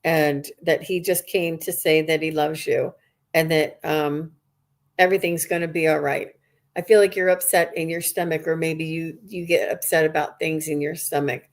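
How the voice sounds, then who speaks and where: A woman's voice: low-pitched, steady tone, moderate pace. A woman working as a psychic medium, giving a live reading to viewers in an earnest, rambling way with many restarts.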